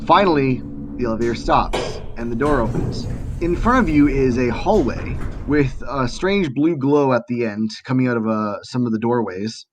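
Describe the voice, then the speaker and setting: A man's voice: mid-range voice, noisy background. Casual male game master narrating. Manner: casual, halting, with fillers.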